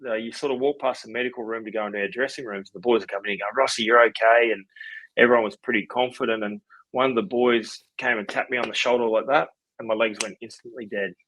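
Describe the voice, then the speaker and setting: A man in his forties with an Australian accent, a podcast guest telling his story in a relaxed, rambling way with lots of fillers. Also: mid-range voice, fast, no room sound, poor audio. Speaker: podcast guest, former rugby league player. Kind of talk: casual storytelling interview.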